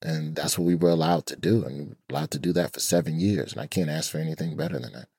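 Man, deep voice, husky, laid-back and candid, casual slang, dry close sound. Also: fast, dark tone, no room sound. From Birmingham, Alabama, US. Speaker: comedian guest. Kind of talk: casual interview talk.

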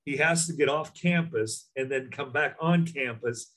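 A middle-aged man, a former basketball coach, telling recruiting stories in an animated way, acting out other people's lines. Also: mid-range voice, a little slow. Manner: animated storyteller, acts out voices. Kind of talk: casual chat.

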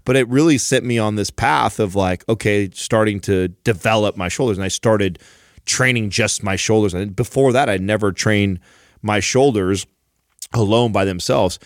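Low-voiced man telling a rambling story. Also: normal speed, no echo, clean studio sound. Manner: rambling storyteller, self-mocking. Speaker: podcast co-host. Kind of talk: casual chat.

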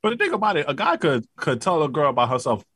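A man's voice: a little high, huge pitch swings, fast, a bit bright, breathy edge, no room sound. Argumentative man on a podcast. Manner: argumentative, stumbles and repeats words. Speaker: podcast co-host. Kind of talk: casual podcast debate.

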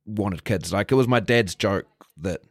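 Man, 30s, very low voice, laid-back rambling talk, interview guest, dry recording. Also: measured pace, no room sound. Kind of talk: candid interview conversation.

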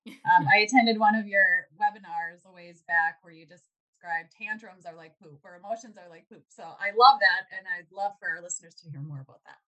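A woman's voice: mid-range voice, normal speed, hardly any pauses, sharp tone, dull audio. A woman hosting a parenting podcast, summarizing her guest's points and asking follow-up questions. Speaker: podcast host. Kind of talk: podcast interview.

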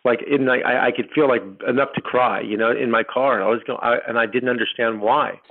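A middle-aged man telling his personal story as a podcast guest, rambling and halting with many restarts. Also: medium pitch, steady tone. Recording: tinny phone line.

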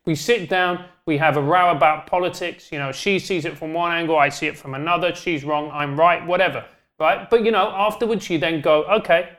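A man, a podcast guest in animated, joking casual chat. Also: a little high, fairly quick. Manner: animated, joking, rambling with restarts.

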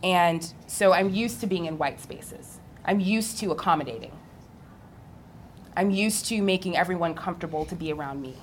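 A young adult woman on a live panel, telling her story in an animated way and laughing often. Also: on the low side, normal speed, a little hiss or hum. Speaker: physical therapist on a panel.

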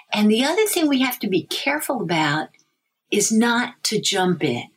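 A middle-aged woman, a language development researcher, answering interview questions in an animated way. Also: husky. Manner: animated, breaks into a high sing-song baby voice for examples.

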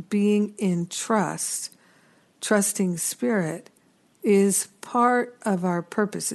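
Slow, earnest woman spiritual teacher. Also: mid-range voice. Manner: unhurried, earnest, with gentle self-deprecating asides. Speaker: spiritual teacher and podcast host. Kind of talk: reflective spiritual teaching talk.

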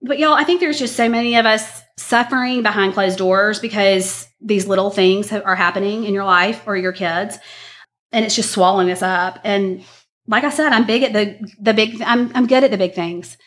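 A woman's voice: medium pitch, moderate pace, fairly bright tone. A woman, earnestly sharing a personal faith story in a chatty way, full of "like" and "y'all". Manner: chatty and earnest, many fillers, says y'all. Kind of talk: personal testimony talk.

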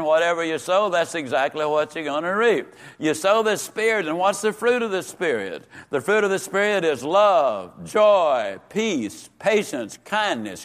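Emphatic older man teaching scripture. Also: a little high. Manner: emphatic, repeats words for stress, slows on key phrases. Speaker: Sunday school teacher. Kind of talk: sermon-style Bible teaching.

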